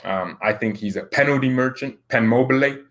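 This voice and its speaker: A man at a middle pitch, chatting loosely as he answers viewer comments on his football channel. He rambles, stumbles over restarts and breaks into laughter often. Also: a little fast, a bit bright. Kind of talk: casual chat reading viewer comments.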